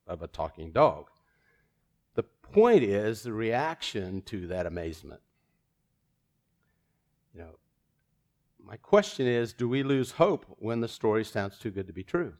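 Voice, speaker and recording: A man preaching a sermon in church, casual and self-deprecating, with chuckling asides and a joke woven in. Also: lowish voice.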